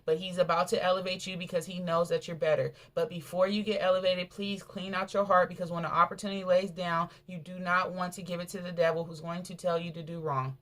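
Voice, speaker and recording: A woman's voice: on the low side, flat delivery, quick pace, hardly any pauses, a bit bright. A woman preacher delivering a sermon in an emphatic, colloquial way, repeating phrases for stress.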